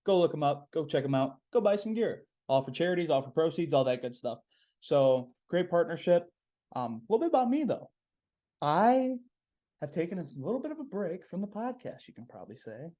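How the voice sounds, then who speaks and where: A man's voice: a little high, very animated, fairly quick, dark tone. A young man hosting a podcast, talking in a casual, upbeat, rambling way with plenty of "um"s and repeated phrases. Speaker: podcast host. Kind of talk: casual solo podcast monologue.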